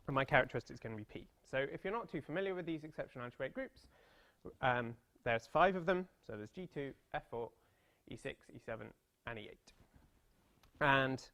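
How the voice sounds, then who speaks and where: This British man in his thirties lectures on mathematics at a seminar, speaking at medium pitch with a creaky, slightly bright tone. His delivery is chatty and self-deprecating, peppered with playful little stories, and the setting is a seminar room.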